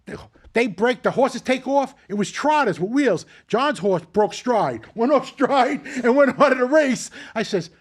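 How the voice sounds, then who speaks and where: High-voiced older man telling rough stories. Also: measured pace. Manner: animated, profane, acts out quotes. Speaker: host. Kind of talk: storytelling in casual chat.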